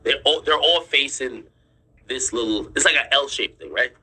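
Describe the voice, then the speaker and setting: Drawing on screen while he talks, this streamer-commentator insistently explains a story to viewers, going over points again and swearing without restraint. His mid-range voice is expressive, bright and forceful, slightly rough, at a moderate pace, on a rough recording.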